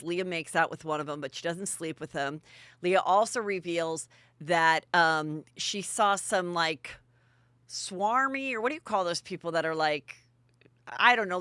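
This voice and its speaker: Bright-voiced, chatty woman podcast host. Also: on the low side, smooth, dry recording, studio quality. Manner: chatty, bawdy, breezy. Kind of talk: gossip recap.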